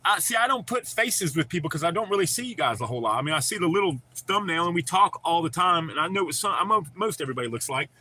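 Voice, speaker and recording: A man hosting a livestream and chatting loosely with his viewers. His voice has a very bright, forward tone. He laughs often and swears freely, with a faint hiss of noise under the audio. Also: a little high, animated, fast talker, few pauses. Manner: profane, laid-back, laughs often. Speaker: livestream host. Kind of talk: casual livestream chat with viewers.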